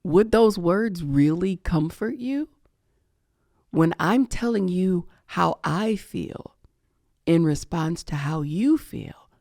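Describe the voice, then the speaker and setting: A middle-aged woman talks slowly through her grief, her low voice often dropping to a hush. There is a gravelly fry at the ends of her phrases, and the sound is dry and close, with no room around it. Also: dry recording. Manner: slow, reflective, often hushed and emotional. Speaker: podcast host. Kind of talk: personal grief reflection.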